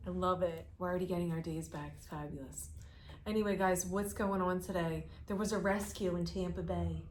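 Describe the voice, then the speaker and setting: A woman's voice: fairly low pitch, steady tone, brisk, a little mellow, a little hiss or hum. A woman co-hosting a casual cruise news chat, talking in a loose, hedging way as she reads out stories. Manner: chatty, hedging with "I guess" and "I don't know". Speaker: co-host of a cruise news show.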